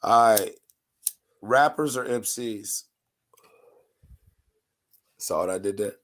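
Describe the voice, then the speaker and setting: A man from North Carolina with a raspy, nasal voice, chatting casually as a podcast host in a laid-back, rambling, slangy way. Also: on the low side, slow, slight background noise. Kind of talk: casual chat.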